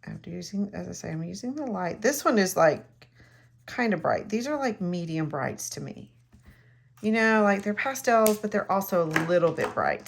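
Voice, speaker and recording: A woman's voice: lowish voice, vocal fry. A middle-aged woman, chatting casually and rambling while demonstrating a craft. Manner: chatty, rambling, self-mocking. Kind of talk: casual crafting tutorial chat.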